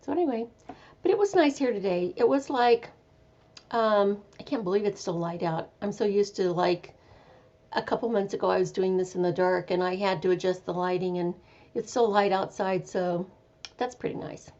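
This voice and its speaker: A woman's voice: mid-range voice, moderate pace, a little mellow, highs cut off. A woman hosting a casual live chat from home, chatty and meandering, with an easygoing manner. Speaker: live stream host.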